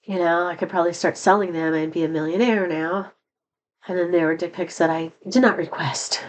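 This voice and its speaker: A woman's voice: lowish voice, steady tone, brisk, rough recording. Woman vlogger, middle-aged, rambling confessional talk, sad and candid, slightly worn voice. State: voice not at full strength after being sick. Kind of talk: personal vlog monologue.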